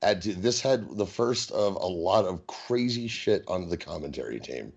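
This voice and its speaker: A man co-hosting a casual wrestling podcast, animated, acting out quotes and laughing often. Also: deep voice, moderate pace, creaky, husky. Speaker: podcast co-host. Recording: dull, lo-fi audio.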